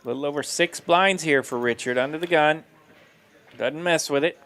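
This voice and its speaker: A man's voice: a little high, normal speed, a bit bright. Upbeat male poker play-by-play caller. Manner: upbeat, laughs easily. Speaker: poker commentator. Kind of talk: live poker play-by-play commentary.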